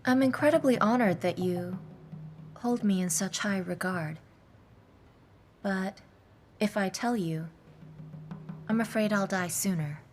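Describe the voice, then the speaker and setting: An actress in an English dub playing a clever young captive woman who answers with calm, dry defiance. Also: mid-range voice, unhurried, long pauses, faint music behind, natural voice. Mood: composed defiance. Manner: composed, dryly defiant. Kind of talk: English dub of a period drama.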